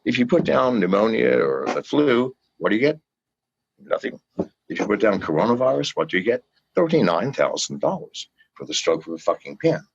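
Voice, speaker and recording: A man's voice: fairly low pitch, very animated, a little fast, vocal fry, husky. An older man, a guest in an interview, ranting with fiery, profane pleas to his listeners in a dull lo-fi recording. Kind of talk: impassioned rant in an interview.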